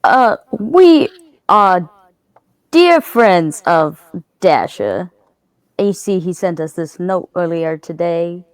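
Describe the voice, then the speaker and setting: A woman voicing a smooth-talking adventurer in a put-on Eastern European accent in a tabletop game. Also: medium pitch, animated, no echo, lightly acted. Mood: persuasive. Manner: overly polite, slow, loud.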